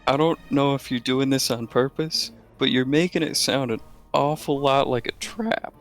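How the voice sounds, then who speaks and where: A man's voice: mid-range voice, moderate pace, faint music behind. A man playing a tabletop game, asking probing, wary questions in character. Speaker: player. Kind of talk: tabletop role-play chat.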